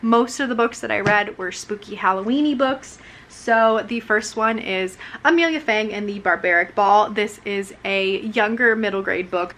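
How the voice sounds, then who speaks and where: Bubbly young woman, bright voice. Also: mid-range voice. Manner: bubbly, lots of fillers and giggles. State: voice wearing out. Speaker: author vlogger. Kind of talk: casual chat. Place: living room. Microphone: camera mic.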